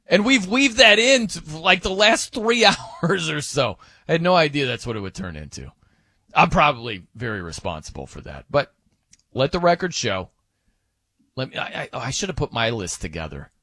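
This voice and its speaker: A man's voice: medium pitch, no room sound. Sports radio guy riffing and joking, voice swinging up and down, dry close studio sound. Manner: animated, joking, rambling with fillers. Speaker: sports radio fill-in host. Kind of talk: casual radio banter. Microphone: close studio mic.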